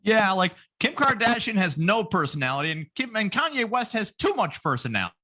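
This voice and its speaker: Man, podcast co-host, joking, rambling, bright voice, lively swoops in pitch. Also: fairly quick. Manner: joking, does mocking voices, rambling with fillers. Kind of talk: casual comedic chat.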